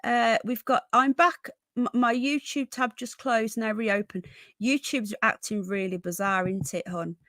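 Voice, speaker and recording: A woman hosts a casual livestream from home, greeting each viewer by name and calling them darling and sweetheart. Her voice sits fairly high. The sound is dry and close, with little room around it. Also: fairly even intonation, unhurried, a bit bright, no echo. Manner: chatty, affectionate, calls viewers darling and sweetheart. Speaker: livestream host.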